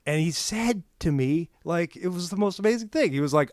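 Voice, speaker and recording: Brisk and with few pauses, a high-pitched podcast co-host chats casually and tells lively stories, loudly acting out what people said. The studio sound is clean, without echo.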